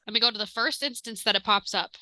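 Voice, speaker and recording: A woman with a very bright, forceful voice co-hosting a casual fan-fiction book chat. She looks things up and reads passages aloud in an even, practical way. The sound is dry and close. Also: on the high side, fast, no echo, rough recording. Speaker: podcast co-host, fact checker.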